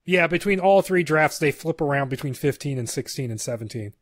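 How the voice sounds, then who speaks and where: A man's voice: fairly high pitch, lively intonation, a little fast, no room sound. A man co-hosting a podcast, chatting casually and reading screenplay narration aloud with stumbles and asides. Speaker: podcast co-host. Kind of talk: casual chat and script read-aloud.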